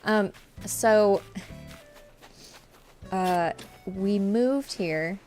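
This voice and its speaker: A woman's voice: medium pitch, darkish tone, soft background music. Tearful young woman streamer. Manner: halting and emotional, frequent fillers and apologies. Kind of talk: casual live-stream chat.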